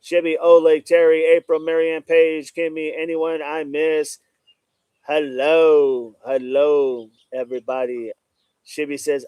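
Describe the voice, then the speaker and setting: A man's voice: fairly high pitch, flat delivery, slow, darkish tone, smooth, no room sound. A man hosting a casual live stream, reading out viewer comments and greeting chatters by name, often saying "no doubt about it.". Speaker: livestream host reading chat. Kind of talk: casual livestream chat.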